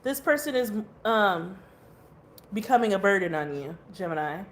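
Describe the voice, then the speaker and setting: A woman's voice: mid-range voice, animated, moderate pace, slight background noise. A woman giving a casual tarot reading who rambles, swears casually and laughs often. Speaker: tarot reader.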